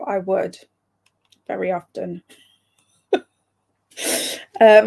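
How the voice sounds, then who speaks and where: A woman's voice: medium pitch, dark tone. Chatty young woman streamer. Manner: chatty, laughs often, reads out viewer comments. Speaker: livestream host. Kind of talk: casual live-stream chat.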